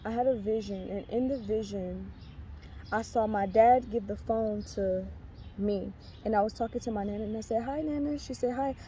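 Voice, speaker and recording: This young woman, heavily pregnant, rambles sincerely through a faith testimony for her casual vlog, restarting often and leaning on fillers. She speaks at normal speed in a mellow, medium-pitched voice with fairly even intonation, against slight background noise.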